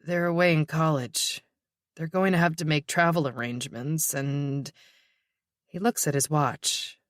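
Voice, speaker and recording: A narrator voicing a grieving young man in his twenties who answers a detective's questions quietly and shakily in an audiobook. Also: mid-range voice, fairly even intonation, a little slow, dry recording, clean studio sound, lightly acted. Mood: strained. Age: 20s. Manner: quiet, shaky, tired replies.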